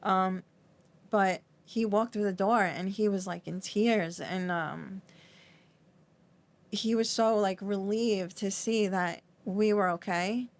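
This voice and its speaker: Her voice trembling, a middle-aged woman on a podcast recounts a painful memory, stopping and starting again and leaning on "like" as filler. The voice is mid-range, with a fairly even intonation, and she sounds shaky throughout.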